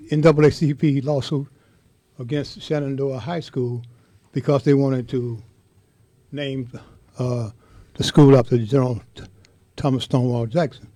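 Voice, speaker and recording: An older man telling a heartfelt story in an interview, speaking with impassioned, halting repetition. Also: medium pitch, fairly even intonation, dark tone, no room sound. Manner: impassioned, halting, repeats words. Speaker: interviewee, veteran.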